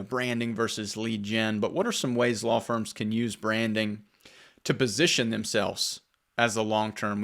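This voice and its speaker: A man hosting a podcast interview, agreeing with his guest and asking follow-up questions with some halting restarts. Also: mid-range voice, fairly bright tone. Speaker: podcast host.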